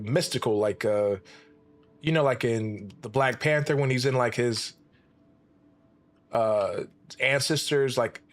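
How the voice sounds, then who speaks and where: A man casually commenting while he plays a video game, relaxed and slangy, talking to his chat, with features and keyboard typing behind him. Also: medium pitch. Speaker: streamer playing a game.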